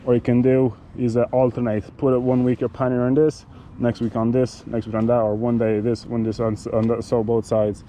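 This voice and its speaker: A man giving a casual product demonstration of cycling gear, talking in a halting way with many fillers and restarts. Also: mid-range voice, flat delivery, mellow, a little hiss or hum, rough recording.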